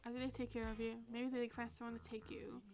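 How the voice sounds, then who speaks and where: A woman's voice: fairly high pitch, flat delivery, fast, darkish tone, soft background music. A woman streamer casually reading online quiz questions aloud and reacting with laughs and swearing. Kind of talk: casual reading and commentary while taking online quizzes.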